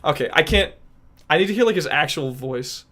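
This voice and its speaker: A man's voice: fairly high pitch, lively intonation, a little fast, a bit bright. A man streaming who chats casually and rambles while trying out voice impressions. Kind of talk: casual chat.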